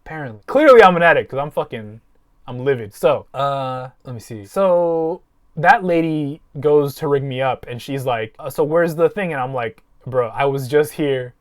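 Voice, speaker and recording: A man hosts a casual podcast, telling a long profane story with big swings in his voice. He sits a little higher than most men and leans hard on the punchlines. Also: lively intonation, normal speed. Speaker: podcast host. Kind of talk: casual chat.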